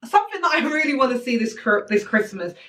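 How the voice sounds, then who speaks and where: A woman's voice: a little high, big pitch swings, fast talker, fairly bright tone, far from the mic. A woman in casual chat, talking earnestly about films. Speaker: podcast co-host.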